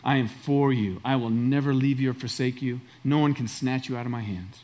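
A man voicing God as gentle and loving, speaking in a soft, hushed, reassuring way. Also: medium pitch, a little fast, pitched below the performer's own voice, lightly acted. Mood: tender.

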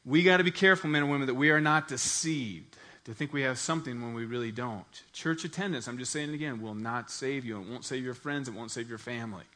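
Bright-voiced male pastor telling a story. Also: mid-range voice, quick pace, few pauses. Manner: storytelling, animated and earnest. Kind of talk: sermon.

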